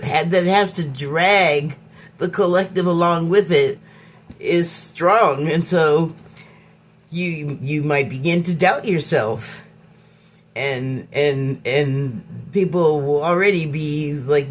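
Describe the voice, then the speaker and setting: A low-pitched podcast host from Hollywood, United States, delivers an unscripted, reflective monologue on her own show. She muses haltingly, often pausing to search for words and restarting her phrases.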